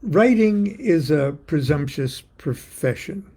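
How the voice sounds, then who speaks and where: An older man, an occult author, reading a poem and then talking in a wry, theatrical monologue with a gravelly, husky voice. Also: a little high, lively intonation, slow, warm tone.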